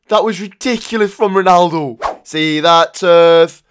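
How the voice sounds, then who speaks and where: Excitable young gamer, high voice. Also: male voice, unhurried, few pauses, clean tone, soft background music. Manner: excitable, swears, sudden shouts and mutters. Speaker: gaming YouTuber. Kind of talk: live gameplay commentary.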